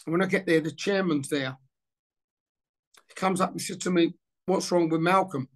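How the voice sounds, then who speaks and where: The former footballer, now in his sixties, speaks at a moderate pace with a fairly high pitch. Relating an anecdote in a relaxed interview, he animatedly acts out what each person said.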